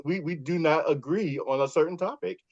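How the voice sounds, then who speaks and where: A man with a New York accent, a podcast co-host being interviewed, telling stories in a lively way and laughing often. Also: on the high side, fairly quick, no room sound, lo-fi sound. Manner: animated storyteller, laughs often. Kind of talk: casual interview chat.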